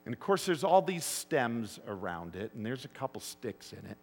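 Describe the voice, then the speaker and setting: A man's voice: mid-range voice, sing-song, normal speed. A man preaching a sermon to his congregation. He tells stories and keeps asking the room rhetorical questions. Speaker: pastor. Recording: long hall reverb.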